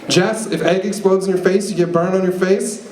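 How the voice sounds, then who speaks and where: A man's voice: sits high, fairly even intonation, moderate pace, a little mellow. A young man performing a stand-up set at an open mic, rambling and self-deprecating with lots of fillers. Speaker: stand-up comic. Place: open mic comedy venue. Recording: echoey room, noisy live venue.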